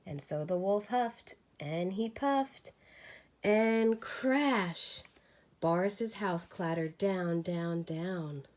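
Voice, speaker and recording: A woman teacher reads a children's storybook aloud, lively and expressive. She takes her time, with an unhurried pace and a mid-range voice. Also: lowish voice.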